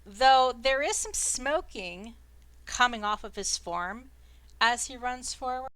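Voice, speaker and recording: A woman's voice: on the high side, lively intonation, takes it slowly, fairly bright tone, no room sound. A woman narrating as dungeon master in a casual way, with playful sound effects and fillers, over an online voice call. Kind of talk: narrating a tabletop game.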